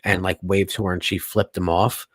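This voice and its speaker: A man, co-hosting a podcast, telling crude, profane stories in fast casual chat. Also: sits low, little pitch movement, dry recording, studio quality. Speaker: podcast co-host.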